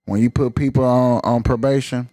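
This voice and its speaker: A man holds forth on his live stream in a casual, slangy rant, stressing his points hard. His voice sits at an ordinary pitch, and the recording is dry and close with no room sound. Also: little pitch movement, moderate pace, dark tone, no echo. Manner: emphatic, colloquial, ranting.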